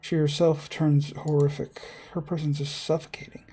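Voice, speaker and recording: A man reading a visual novel aloud as narrator, steady with small slips and casual asides. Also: a little high, moderate pace, breathy edge. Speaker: let's-play narrator.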